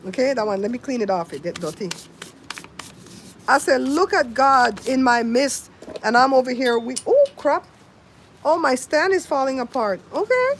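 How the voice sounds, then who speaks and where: With a high-pitched voice full of big pitch swings, a grandmother talks at a moderate pace and pauses often. She's hosting an outdoor livestream in the wind, faintly audible behind her, telling stories, imitating sounds, and addressing viewers by name.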